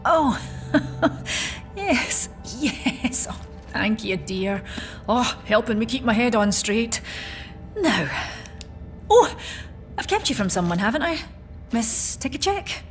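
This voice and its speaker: A woman's voice: on the high side, big pitch swings, slow pace, soft background music, voice pushed down. An actress playing a confused, fading old woman who rambles and dotes. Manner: rambling, unsure, doting.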